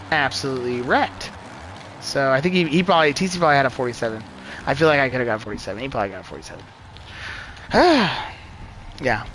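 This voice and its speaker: A man streaming a racing game live, talking in a rambling, profane and excitable way. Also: a little high, slight background noise, rough recording. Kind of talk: live gameplay commentary.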